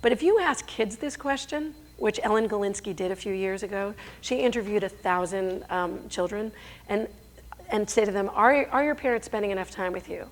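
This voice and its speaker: A woman's voice: medium pitch, normal speed. A middle-aged woman giving a conference talk on stage, emphatic and rhetorical, sometimes stumbling and correcting herself. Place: stage before an audience.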